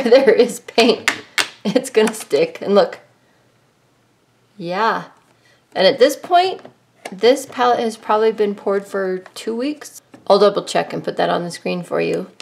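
A woman's voice: mid-range voice, unhurried, gravelly, slight background noise. A middle-aged woman hosting a casual, chatty art tutorial from her home studio. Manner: chatty, upbeat, shows things to camera. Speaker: art channel host. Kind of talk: casual craft tutorial vlog.

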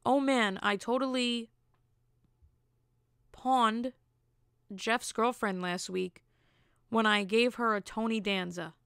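Slow and pausing often, a young woman speaks in a slightly high, creaky voice that's still clear and resonant, captured dry at studio quality. Alone on her podcast, she tells a dating story bluntly, bringing the quotes to life in an animated way.

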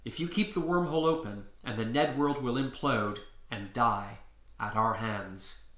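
Grave steady dad on speakerphone, read by a man, bright tone, echoey room. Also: mid-range voice, close to an everyday voice. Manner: grave, measured.

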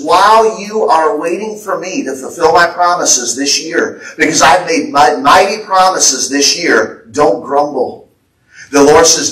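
A man's voice: a little high, a bit bright. A man with an American accent preaching a fervent sermon and relaying prophetic words as the pastor. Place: church sanctuary. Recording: echoey church hall, voice from a distance.

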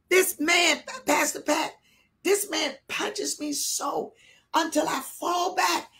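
An older woman bishop preaching a live sermon, telling a personal story with animated swings between hushed and shouted delivery. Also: extremely high pitch, takes it slowly.

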